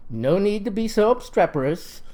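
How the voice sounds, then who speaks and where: A man doing a soft-spoken, preacherly president. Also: high-pitched, lively intonation, normal speed. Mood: gentle. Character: pious, gentle male president, preacherly.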